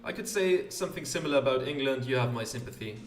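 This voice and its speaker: A man's voice: medium pitch, expressive, quick pace, reverberant, recorded from a distance, soft background music, natural voice. A man voicing a courteous male minotaur who speaks in polite, formal Victorian-style sentences.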